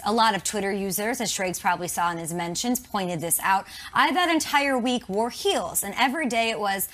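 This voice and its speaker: A woman's voice: medium pitch, fairly quick, hardly any pauses, fairly bright tone, faint music behind. A woman co-host of a morning sports show, telling a self-mocking story in casual chat.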